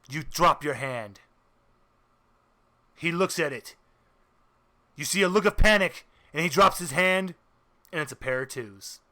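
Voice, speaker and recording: A man's voice: fairly high pitch, pushed and bright. A man narrating as game master of a tabletop game, laughing often and stumbling over restarts.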